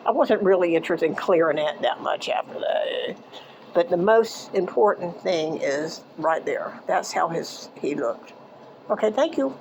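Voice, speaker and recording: Older woman telling a memory haltingly. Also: fairly low pitch, lively intonation, slight background noise, rough recording. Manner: halting, with restarts and trailing off into quieter asides. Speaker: eyewitness recounting a childhood memory. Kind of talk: casual personal storytelling.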